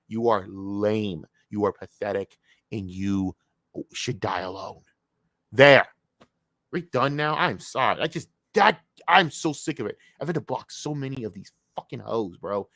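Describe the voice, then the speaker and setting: A man streaming live, ranting loudly and angrily with heavy profanity. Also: medium pitch, lively intonation, normal speed, dry recording, clean studio sound. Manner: loud, profane, angry ranting.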